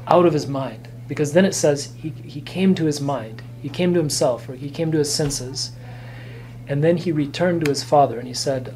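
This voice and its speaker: A man, a priest teaching a catechism class, explaining gently and earnestly with fillers and restarts. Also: a little high, moderate pace, slight background noise, low-quality recording. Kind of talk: catechism lecture. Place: church classroom.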